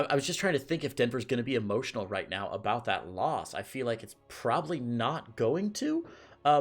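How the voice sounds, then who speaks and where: A young adult man casting an esports match, excitable and quick to laugh. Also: mid-range voice. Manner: lively, excitable, laughs often. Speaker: esports caster. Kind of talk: animated play-by-play commentary.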